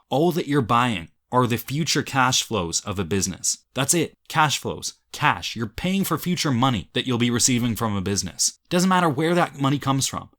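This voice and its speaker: A man's voice: medium pitch, a bit bright. A young man from Canada, an investing YouTuber, reacting to angry comments in a heated, swearing rant with frequent laughs.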